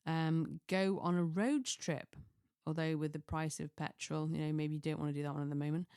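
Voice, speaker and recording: A middle-aged woman chats in a relaxed, rambling way, doubling back on herself and chuckling at her own asides. Her voice sits slightly low. The recording is dry and close, with no room sound. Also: normal speed, clean tone, no echo. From Chester, England. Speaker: lifestyle vlogger. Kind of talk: casual chatty monologue.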